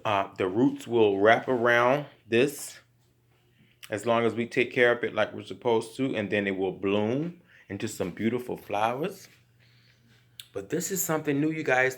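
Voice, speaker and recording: Chatty and upbeat, a gardening channel host guides "you guys" through a hands-on project in a relaxed how-to vlog. He has a mid-range voice, and the sound is roomy.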